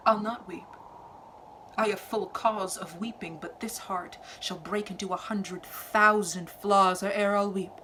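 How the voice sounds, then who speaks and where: A woman playing an old king raging toward madness, shifting between shouts and hushed whispers, recorded over a noisy ambient background. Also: medium pitch, close to an everyday voice. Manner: furious, dropping to hushed whispers.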